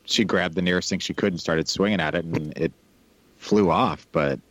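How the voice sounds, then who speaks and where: A man co-hosting a podcast in casual chat, relaxed and chatty, laughing easily. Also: low-pitched, normal speed, no echo, dull audio. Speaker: podcast co-host.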